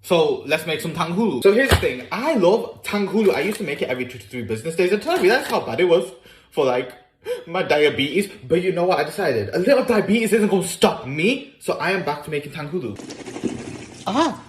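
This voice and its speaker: A man's voice: on the high side, big pitch swings, fairly quick, noisy background. A young man narrating his own cooking videos in a casual, playful way, cracking self-mocking jokes as he goes.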